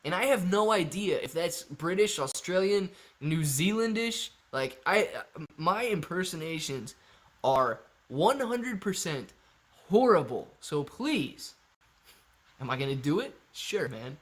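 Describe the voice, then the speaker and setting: Laid-back male live-stream host, high voice. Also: animated, a little slow. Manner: laid-back, calls viewers "man" and "dude", explains patiently. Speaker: live-stream host answering chat questions. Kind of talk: casual live-stream chat.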